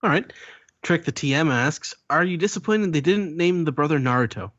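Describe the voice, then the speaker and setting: A man's voice: fairly high pitch, moderate pace, a bit bright, no echo, muffled recording. A man co-hosting a casual podcast, reading listener questions aloud and laughing easily.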